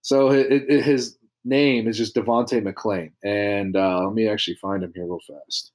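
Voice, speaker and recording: A man's voice: on the low side, steady tone, normal speed, darkish tone. A young man from small-town Ohio, a podcast guest telling rambling stories full of fillers in casual chat. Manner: rambling, filler-heavy storytelling.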